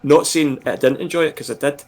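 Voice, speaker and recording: A man's voice: on the high side, fairly even intonation, a little fast. A man chatting casually on a podcast, often restarting his words with a stammer. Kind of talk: casual chat.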